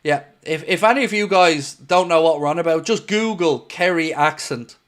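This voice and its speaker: Irish guy hosting a live footy stream, slightly higher voice, jokey, keeps saying mate. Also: moderate pace, a bit bright. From Ireland. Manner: chatty and jokey, calls viewers mate. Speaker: host of a football watchalong stream. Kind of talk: casual live-stream chat, reading viewer comments.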